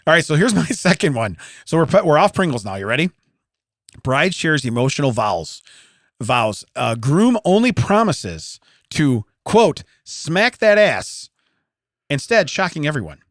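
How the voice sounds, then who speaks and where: A man with a slightly high voice that swings widely in pitch, laughing as he riffs on news stories. He co-hosts a casual comedy podcast, recorded dry and close on a studio mic. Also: very animated, moderate pace, no echo. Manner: laughs often, reads news items aloud with jokey asides. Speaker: podcast co-host.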